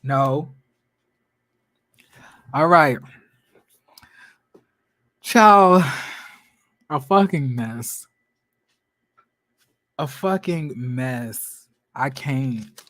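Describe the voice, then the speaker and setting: A man vlogging reaction commentary in a sassy, slangy way, swinging between loud outbursts and muttered asides. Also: on the high side, lively intonation, drawn-out words, pauses often.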